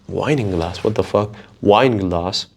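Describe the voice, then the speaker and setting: A man's voice: lowish voice, takes it slowly, vocal fry. A man hosting a podcast, talking casually on his own in a profane, rambling way. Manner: profane, rambling, animated storytelling. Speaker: podcast host. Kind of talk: casual solo monologue.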